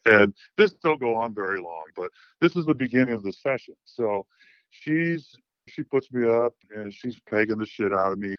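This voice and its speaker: Blunt low-voiced man, candid and profane. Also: no echo, lo-fi sound. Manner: blunt, profane, with many restarts. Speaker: caller. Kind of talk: frank storytelling interview.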